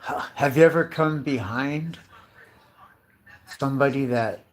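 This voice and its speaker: With a mid-range voice and a measured pace, a fifty-something man delivers a chatty, profane comic monologue. He peppers it with rhetorical questions and addresses listeners as dude and bro.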